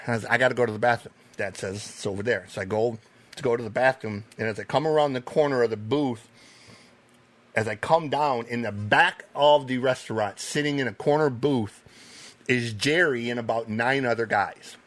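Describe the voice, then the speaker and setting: A man, a podcast guest, telling animated stories in a casual chat, swearing now and then. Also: mid-range voice, normal speed. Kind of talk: casual storytelling.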